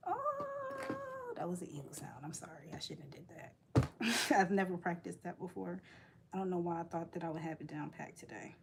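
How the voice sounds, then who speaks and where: A woman's voice: on the low side, fairly quick, creaky, noisy background. A woman vlogging in casual chat while she works, playful and joking, laughing often.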